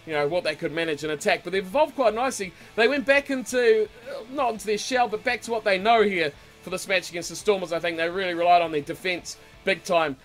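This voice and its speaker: New male host, high pitch, loose rambling chat, faint music under the voice. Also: quick pace, few pauses. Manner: relaxed, rambling, frequent ums and uhs. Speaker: podcast host. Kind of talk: casual rugby chat.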